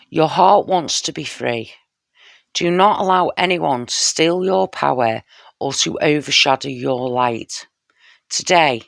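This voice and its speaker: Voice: mid-range voice, gravelly, fairly bright tone, no room sound, clean studio sound. A tarot reader giving a casual spoken reading straight to the viewer, heartfelt and intimate, often checking in with "you know" and "yeah?".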